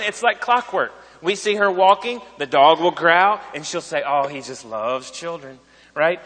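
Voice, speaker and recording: A man's voice: sits high, fairly bright tone, big-room sound. A man in his thirties, a pastor preaching a sermon in a conversational way, repeating phrases and often asking "right?".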